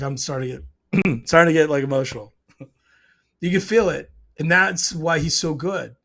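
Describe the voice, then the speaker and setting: A man's voice: fairly high pitch, fairly bright tone. A man casually breaking down a TV scene, emotional and hesitant, restarting his sentences often. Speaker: show reviewer.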